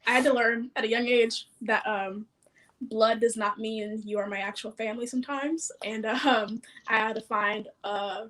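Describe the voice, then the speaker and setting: A woman's voice: fairly high pitch, fairly even intonation, moderate pace, a bit bright. A woman co-hosting a casual book club livestream, speaking heartfelt and a bit hesitant on a home computer mic over a call.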